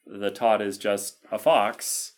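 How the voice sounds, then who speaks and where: A man co-hosting a podcast in casual chat, asking measured questions and hedging with fillers. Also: lowish voice, flat delivery. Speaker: podcast co-host.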